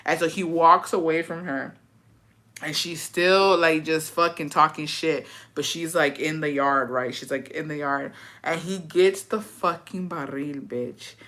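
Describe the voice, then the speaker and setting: Woman vlogger, bright voice, casual storytelling, profane and blunt, mixes in Spanish. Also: low-pitched, fairly even intonation, measured pace.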